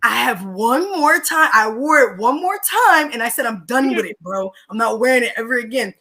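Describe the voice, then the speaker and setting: On a podcast, a young guest from Philadelphia, USA, tells casual, slangy stories, laughing between lines and partway through them. She's animated, with a voice on the high side and a moderate pace.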